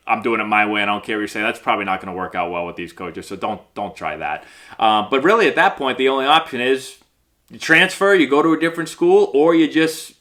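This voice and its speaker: A man's voice: medium pitch, bright, forceful tone. A man coaching young baseball players in a casual talk, acting out the voices of players and coaches as he goes. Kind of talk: casual instructional talk to camera.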